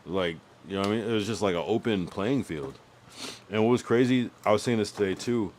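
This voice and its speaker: A young man on a livestream, chatting loosely and cursing freely as he rambles. His voice sits very low. A soft hum of room ambience runs underneath. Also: a little fast. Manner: rambling, profane, thinks aloud about music. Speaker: streamer. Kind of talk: casual livestream chat.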